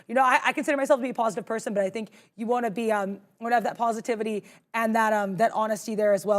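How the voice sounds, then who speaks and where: A woman co-hosting a live trading show, chatty and self-deprecating as she talks through her trades. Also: fairly high pitch.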